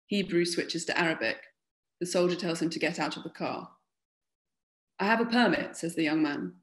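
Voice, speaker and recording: A woman's voice: low-pitched, steady tone. Woman author reading her fiction. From London. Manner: measured, literary reading.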